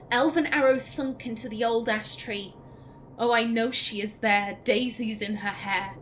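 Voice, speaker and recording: A woman's voice: fairly high pitch, noisy background. A woman hosting a let's play, reading in-game poems and letters aloud and chatting emotionally between them. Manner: emotional, reads verse gently, then chats with quick laughing asides. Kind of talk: reading in-game texts aloud with casual commentary.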